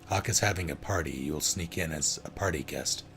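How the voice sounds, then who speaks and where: A man's voice: rumbling low, a little fast, fairly bright tone, slight background noise. A man voicing a young female thief who pleads urgently in clipped, broken phrases.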